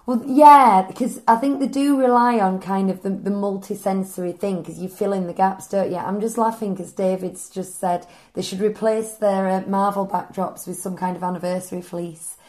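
A woman's voice: mid-range voice, steady tone, normal speed, few pauses, darkish tone. A woman with a mid-range voice co-hosts a podcast. She talks casually and tells stories with chatty enthusiasm. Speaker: podcast co-host. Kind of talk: casual chat.

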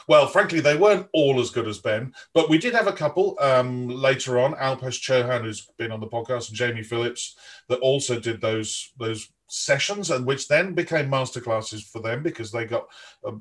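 A man's voice: medium pitch, fairly bright tone. A man hosting a podcast interview, chatting in a rambling way with frequent restarts. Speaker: podcast host. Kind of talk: casual interview chat.

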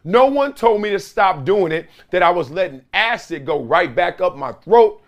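A man in his forties hosts a sports talk show alone and tells stories with plenty of laughter. His voice sits fairly high and rises and falls widely. He often slips into quick impressions of other people. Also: animated. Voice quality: voice gets strained easily. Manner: storytelling with playful impressions and frequent laughs. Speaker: host. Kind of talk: animated solo sports commentary.

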